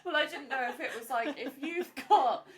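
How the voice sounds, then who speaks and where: A woman's voice: high-pitched, normal speed. A woman co-hosting a podcast in casual chat, cracking jokes and laughing at her own lines. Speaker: podcast co-host.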